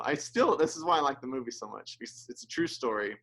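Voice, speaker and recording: A man's voice: medium pitch, lively intonation, quick pace, a bit bright, a little hiss or hum. A male pastor giving an earnest, conversational sermon, with restarts and asides, who gets emotional as he speaks.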